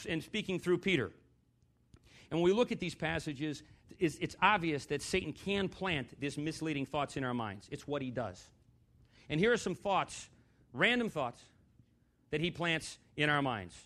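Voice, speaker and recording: High-voiced preacher, conversational and wry. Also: male voice, a bit bright. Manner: conversational, asks the congregation questions, dry sarcastic humor. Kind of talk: sermon. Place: church.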